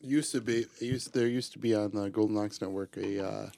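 A man's voice: on the low side, steady tone, a little fast, gravelly, mellow, no echo. A man co-hosting a podcast, giving short, dry replies in casual comedic chat. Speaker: podcast co-host.

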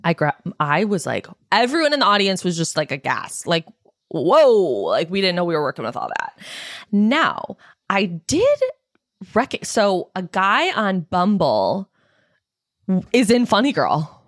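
A woman's voice: mid-range voice, sing-song, unhurried, no echo, studio quality. A woman co-hosting a podcast in casual chat, gushing, laughing often and swearing. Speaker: podcast co-host.

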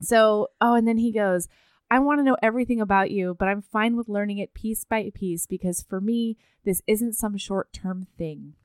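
A woman's voice: mid-range voice, moderate pace, clean tone, no room sound, clean studio sound. A woman co-hosting a casual book chat, retelling scenes animatedly with quoted lines and frequent laughter. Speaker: podcast co-host.

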